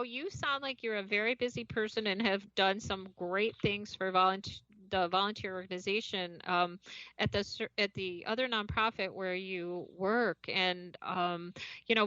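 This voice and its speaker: A chatty woman podcast host with a bright, forceful voice introduces her guest. The sound is dry and a little dull, like a remote call recording. She trips over a word now and then and laughs it off. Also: mid-range voice, no echo. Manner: chatty, stumbles over words and laughs them off.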